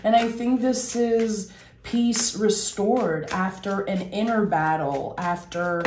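A woman with a lowish voice gives a tarot reading in an echoey room. She talks gently and reassuringly straight to the viewer. She slows down to lean on the phrases that matter. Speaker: tarot reader. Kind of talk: monthly tarot reading to camera.

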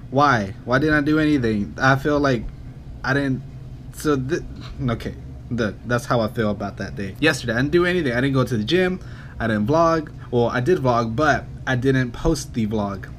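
A man's voice: medium pitch, slight background noise. A young man vlogging to camera, upbeat and rambling, with lots of fillers, first at home and then driving in his car. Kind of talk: casual vlog talk to camera.

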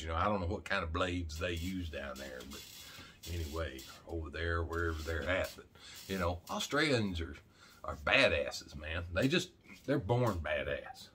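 A folksy, joking middle-aged man from Arkansas, rambling to camera like he's talking to a buddy. His voice sits low but sounds bright and forceful, and he keeps tossing in "man" as he goes. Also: a little hiss or hum. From Arkansas, USA. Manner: folksy, jokey, talks straight to camera with a lot of "man". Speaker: channel host. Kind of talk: rambling casual vlog talk.

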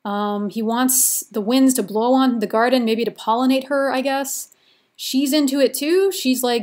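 A woman's voice: a little high, steady tone, normal speed, darkish tone. A woman giving a recorded literature lecture in a chatty, informal way, with many casual fillers.

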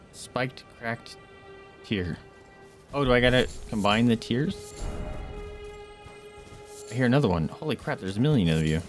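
An excitable man giving live commentary while he plays a game, his pitch jumping all over as he reacts. He keeps talking to his viewers on a desk mic. Faint game music plays behind him. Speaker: streamer.

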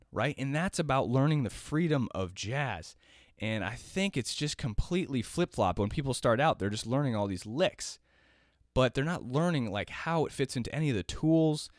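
A man's voice: mid-range voice, no echo, studio quality. A man teaching a jazz piano lesson in a casual, talkative way, often checking in with "right?".

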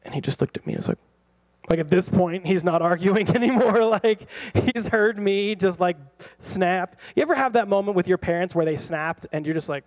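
A pastor in his thirties telling a personal story in a sermon, animated and laughing often. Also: fairly high pitch, moderate pace. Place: church.

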